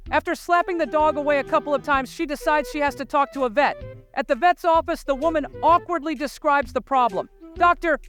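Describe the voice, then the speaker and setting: A woman's voice: high voice, fairly bright tone. A woman telling jokes and laughing at her own punchlines. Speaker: joke teller. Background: faint music.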